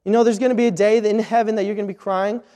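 A man's voice: high-pitched, flat delivery, very fast, mellow. A man preaching a missionary sermon, earnest and repetitive, often restarting his sentences. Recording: long hall reverb.

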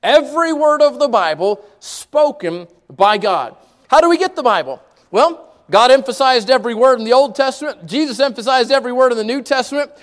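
A man preaching a sermon in a high, bright-pitched voice. He drives his points home by repeating key words, rushing some phrases and drawing others out slowly. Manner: emphatic, repeats key words, varies pace widely.

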